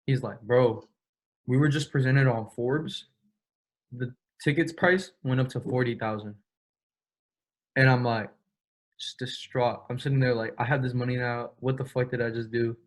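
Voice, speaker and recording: A young man speaks as an interview guest, recounting events in loose, slangy talk. He swears freely and acts out both sides of conversations. His voice sits at an ordinary middle pitch. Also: fairly even intonation. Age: young adult. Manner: slangy, profane, quick retelling with quoted dialogue. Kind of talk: casual storytelling.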